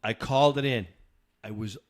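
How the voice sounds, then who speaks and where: A middle-aged podcast co-host chats casually at normal speed in a medium-pitched voice. He's an animated storyteller who acts out the dialogue of the people in his tales.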